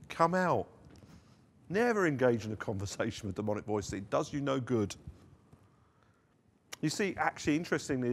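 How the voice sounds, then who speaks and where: Male pastor, mid-pitched voice, earnest sermon delivery with emphatic quotes. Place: church service streamed online.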